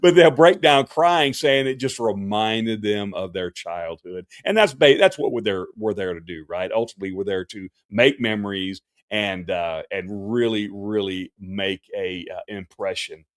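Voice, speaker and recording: A man's voice: lowish voice, normal speed, few pauses, no echo, studio quality. A man, a professional Santa performer hosting a casual livestream Q&A, talking in a folksy, chatty way with many fillers and restarts.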